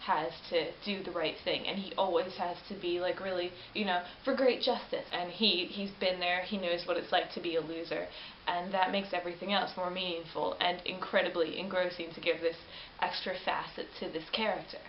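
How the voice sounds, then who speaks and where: A woman vlogger chatting casually about a film she reviews, animated and rambling, often correcting herself mid-sentence. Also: lowish voice, fairly quick. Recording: roomy, dull lo-fi webcam audio with faint hiss.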